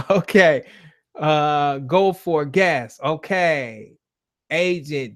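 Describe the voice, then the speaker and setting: A man's voice: fairly high pitch, lively intonation, slow pace, a bit bright. Profane, rambling male livestream host. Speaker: host of a live call-in show. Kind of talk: casual livestream talk. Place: home.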